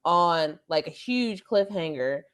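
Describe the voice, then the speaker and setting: A woman co-hosting a podcast, telling an animated story packed with "like" as a filler. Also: fairly low pitch, takes it slowly, clean tone. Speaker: podcast co-host. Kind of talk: casual podcast chat.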